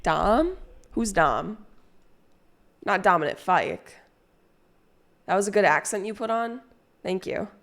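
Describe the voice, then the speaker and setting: A woman's voice: medium pitch, expressive, takes it slowly, pauses often, a bit bright. A young adult woman streaming live, chatting casually with viewers in a rambling, crude and playful way as she reads chat aloud.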